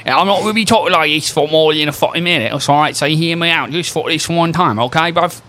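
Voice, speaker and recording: A man's voice: on the high side, fast, sharp tone. A man putting on a crude, profane British man who rants mock-seriously. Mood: mock ranting.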